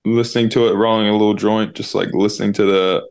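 Here a guest musician, a young man in his twenties with a New Zealand accent, rambles casually through a story on a video call, using "like" constantly. He talks quickly in a clean-toned voice that's on the low side with little pitch movement.

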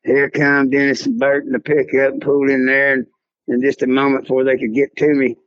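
A man's voice: medium pitch, monotone, brisk, no room sound, dull audio. An older man with a Texan accent, telling a rambling story as an interview guest. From South Texas. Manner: drawling, rambling storyteller, acts out voices in quotes.

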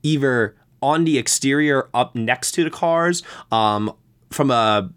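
A man chats through a film review as the podcast host, relaxed and conversational, with plenty of fillers. He gets animated when he explains things. His voice sits at an ordinary middle pitch and is recorded close and dry. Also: slow pace, smooth, dry recording. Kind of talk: casual film review chat.

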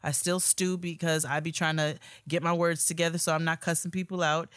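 Laughing, expressive woman podcast co-host. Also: low-pitched, brisk, smooth, dry recording, studio quality. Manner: expressive, often breaks into loud laughter. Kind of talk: casual podcast chat, reading listener emails.

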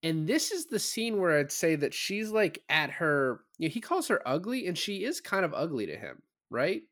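A man's voice: a little high, sing-song, moderate pace, fairly bright tone. A man co-hosting a film podcast, retelling scenes in a loose, casual way with lots of fillers and the odd swear word. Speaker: podcast co-host. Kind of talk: casual chat.

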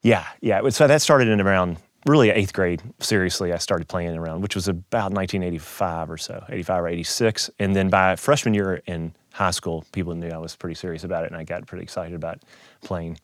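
Middle-aged man, animated storyteller, quick delivery, close dry mic. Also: deep voice, no room sound. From Kentucky, USA. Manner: animated storyteller who acts out quoted voices. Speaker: keynote speaker, guitarist. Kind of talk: casual storytelling interview.

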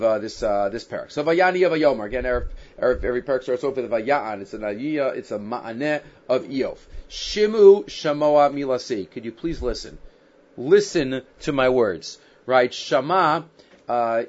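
A man teaching a Bible text to a class, reading Hebrew verses and then explaining them in a conversational way full of "right?". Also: medium pitch. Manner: conversational, with fillers and frequent rhetorical "right?". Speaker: Torah teacher. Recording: dull, lo-fi sound.

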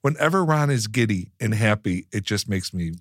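A man's voice: on the low side, lively intonation, no echo, studio quality. A man co-hosting a podcast in casual chat, telling stories in a gushing way and often laughing. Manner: gushing, storytelling, quick to laugh, restarts sentences. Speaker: podcast co-host and former cast member.

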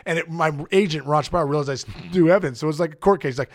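A middle-aged man, a former pro ballplayer and podcast guest, telling an animated, rambling story full of fillers and restarts. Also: on the high side, fast, hardly any pauses, a little hiss or hum.

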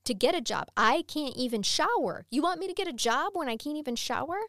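A woman's voice: a little high, animated, fast talker, no room sound, lightly acted. Woman quoting a fed up young girl, defiant and snapping back, dry sound. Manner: defiant, exasperated.

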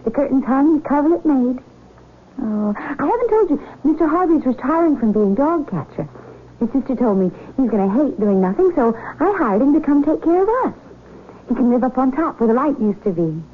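Brief: a lively young fiancée, high voice, tinny hissy radio sound. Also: female voice, a little fast. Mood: bubbly. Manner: chatty and bright, turning hurt and sharp. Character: young woman engaged to the doctor, spirited. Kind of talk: 1970s radio drama acting. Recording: tinny narrow broadcast with faint hiss.

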